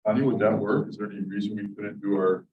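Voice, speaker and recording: A man's voice: lowish voice, fairly even intonation, quick pace. A man at a county committee meeting, conversationally floating suggestions. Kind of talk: meeting discussion. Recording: tinny distant echoey sound.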